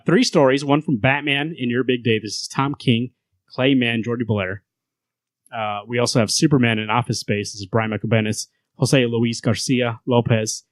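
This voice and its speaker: A man's voice: mid-range voice, no room sound. A man hosting a casual comic book podcast, retelling scenes in a rambling way and laughing as he goes. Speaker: podcast host.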